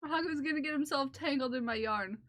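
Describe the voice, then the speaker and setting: A woman's voice: sits high, a little fast, a bit bright, no echo, clean studio sound. A woman chatting casually on a livestream while knitting, laughing often and talking fondly to her cat. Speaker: streamer.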